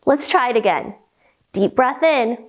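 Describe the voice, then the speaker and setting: Woman doing kids yoga storytime, high lively voice, slow and playful. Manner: animated, playful, slow and expressive. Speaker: children's yoga teacher. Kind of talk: children's storytime read-aloud with yoga instruction.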